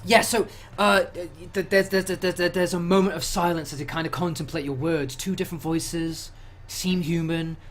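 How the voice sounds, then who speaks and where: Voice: medium pitch, steady tone, moderate pace. A game master narrating a tabletop horror game in a loose, hesitant way, often restarting.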